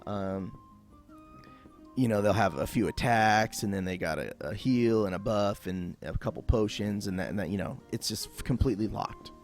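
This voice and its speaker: A man's voice: fairly low pitch, normal speed, faint music behind. Laid-back rambling male game tutor. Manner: casual and rambling, with many fillers. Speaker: gameplay tutorial host. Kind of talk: unscripted game tutorial voice-over.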